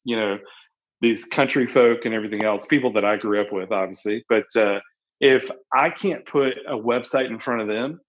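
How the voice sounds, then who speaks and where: A man's voice: mid-range voice, lo-fi sound. A man on a podcast, chatting casually and telling stories with lots of fillers and restarts. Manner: rambling, animated storytelling with many fillers.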